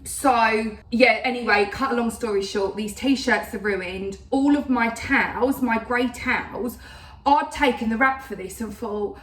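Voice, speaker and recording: A woman's voice: fairly high pitch, unhurried, a little hiss or hum. A woman in her thirties chatting casually to camera in a rambling way, full of fillers. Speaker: vlogger. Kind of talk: casual chat. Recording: roomy sound, voice a bit distant.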